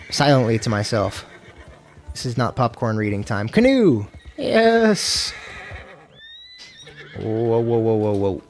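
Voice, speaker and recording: A man's voice: fairly low pitch, fairly even intonation, measured pace, long pauses, soft background music. A man streaming a western game, chatting casually in loose, profane, self-mocking talk. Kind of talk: casual gameplay commentary.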